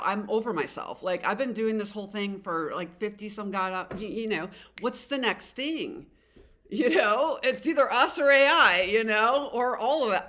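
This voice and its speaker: Fifty-something lady doing a tarot reading, rambly and excitable, swears a lot, mid-pitched voice. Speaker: tarot reader. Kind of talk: casual spiritual talk to camera.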